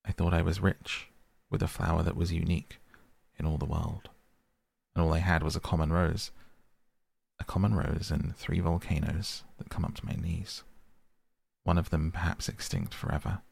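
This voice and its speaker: A man voicing a small, polite, wistful boy prince in an audiobook reading, earnest and soft. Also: low-pitched, flat delivery, normal speed, vocal fry, breathy edge, no room sound, heavily acted. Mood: sad.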